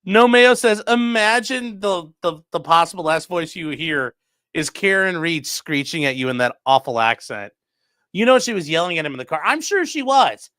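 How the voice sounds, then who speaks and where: A man's voice: on the high side, expressive, moderate pace, a bit bright, clean tone, no echo, studio quality. A man who is a defense attorney, casually commenting on a livestream and reading chat messages aloud in a loose, profane way.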